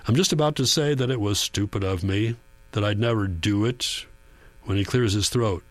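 A man reading a first-person audiobook in a quiet, measured, reflective way. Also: fairly low pitch, no echo. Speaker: audiobook narrator. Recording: dry booth with faint mains hum.

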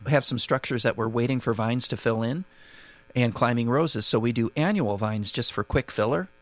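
A man's voice: medium pitch, normal speed, no echo. A man who is the guest gardening expert on a radio call-in show, answering questions with frequent restarts. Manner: hesitant, many restarts, friendly explaining.

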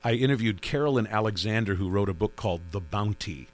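A man's voice: fairly low pitch, lively intonation, fast. A man who hosts a radio interview show, telling stories about his work in a rambling way with many restarts. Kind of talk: conversational interview.

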